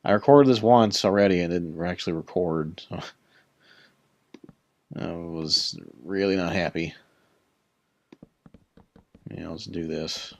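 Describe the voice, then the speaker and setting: Guy with a deep voice mumbling thru a minecraft tour, kinda worn out, dry close sound. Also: a little slow, gravelly, pauses often, no echo. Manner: rambling, self-deprecating, talks to game mobs. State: voice a bit worn. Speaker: Minecraft builder giving a tour. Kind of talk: casual let's-play commentary.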